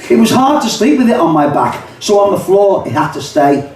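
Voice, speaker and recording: An older man with a Liverpool accent reads rhyming poems to a pub audience, mixing chatty asides into the verse. His voice sits fairly high. It is heard from a distance with heavy room echo. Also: very animated, a little fast, darkish tone. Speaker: poet and songwriter. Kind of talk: live poetry reading. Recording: echoey pub, mic far off.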